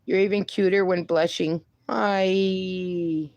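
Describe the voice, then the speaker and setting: A young woman chats slowly and easily on a casual livestream, reading out viewer comments and cheering people on with a laugh and a bit of swearing. Her voice sits at an ordinary middle pitch and sounds dry and close, with no room around it. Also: fairly even intonation, a little mellow, no echo, muffled recording. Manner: upbeat, encouraging, laughs often, mild swearing. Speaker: livestream host.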